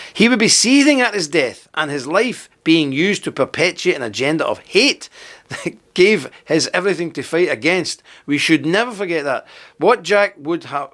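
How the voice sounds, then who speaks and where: A man's voice: on the high side, fairly bright tone. A man giving a heated, scornful video commentary, sarcastic and full of contempt as he rants. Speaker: political commentator.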